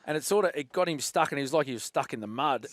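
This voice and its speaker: A man with an Australian accent telling old rugby league stories in a casual chat, lively and laughing often, calling his listener "mate". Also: fairly high pitch, racing, no room sound, studio quality. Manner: animated, laughs often, says "mate" a lot. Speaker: podcast guest, former rugby league player.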